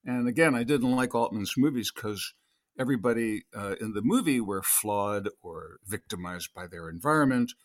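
A man's voice: fairly low pitch, lively intonation, normal speed. An older man, a guest actor, telling long rambling stories in an interview and acting out quoted lines. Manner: storytelling, acts out quotes.

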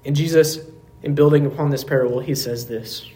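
A man pastor preaching a sermon in a church service, earnest, asking rhetorical questions and dropping to quiet emphasis. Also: on the high side, steady tone, a little fast.

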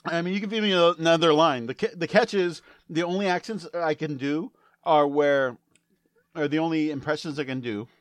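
A man's voice: on the high side, a little fast. A man co-hosting a comedy podcast, trading joking, self-deprecating banter while drinking beer. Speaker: podcast co-host. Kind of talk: casual comedic chat.

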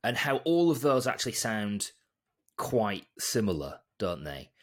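A man from Bolton with a softened Northern English accent, co-hosting a podcast in a rambling, self-deprecating chat. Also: fairly low pitch, sing-song, a little slow. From Bolton, England. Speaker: podcast co-host. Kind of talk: casual chat.

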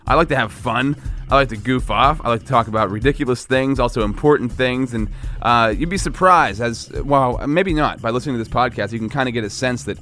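A man's voice: mid-range voice, a little fast, bright, forceful tone, faint music behind. A man with a central Pennsylvania accent hosting a podcast in a small studio, chatting casually and plugging his business in a loose, rambling, joking way. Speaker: podcast host. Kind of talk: casual podcast chat and self-promotion.

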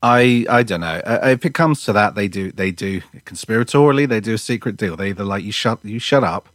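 A man's voice: fairly low pitch, expressive, brisk, no echo. Guy on a home podcast call, stumbles a bit on his words, dry close mic. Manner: hesitant, stammers before making his point. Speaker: podcast co-host. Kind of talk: casual chat over a video call.

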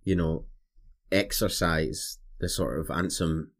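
A man's voice: low voice, steady tone, takes it slowly. A man chatting on a casual podcast, asking wry, thoughtful questions about the story. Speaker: podcast guest. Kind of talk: casual chat.

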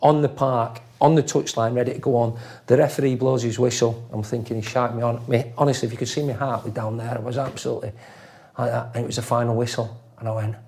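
A man's voice: mid-range voice, level tone, quick pace, a little mellow. A middle-aged man telling football stories in a casual interview, acting out voices and swearing freely. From England, raised in Leeds. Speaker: former footballer guest.

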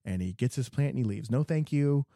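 A man from the Midwest co-hosting a podcast, telling a customer story in an animated way and acting out the voices. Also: mid-range voice, brisk, no echo, studio quality. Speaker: podcast co-host; garden center worker. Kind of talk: casual storytelling chat.

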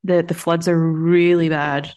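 A woman's voice: on the low side, level tone, unhurried, a little mellow, clear, resonant tone. Tired, chatty woman podcast co-host. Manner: chatty, giggly, swears casually. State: tired from travel. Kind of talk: casual chat.

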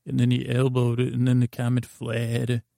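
A man's voice: medium pitch, completely flat delivery, normal speed, creaky, dark tone, no echo, studio quality. A man telling a meandering bedtime story with lots of hesitant asides.

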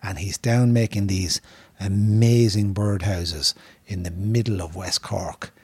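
An Irishman co-hosting a casual podcast chat, telling a story in an excitable, rambling way with plenty of swearing. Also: lowish voice, unhurried, breathy edge, no room sound. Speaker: podcast co-host. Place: pub.

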